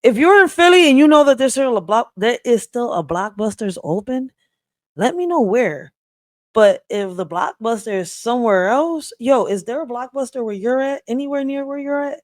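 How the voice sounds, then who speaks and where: A reaction host, talking in a loose, profane, excitable way. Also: medium pitch, normal speed, no echo, studio quality. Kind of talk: casual reaction commentary.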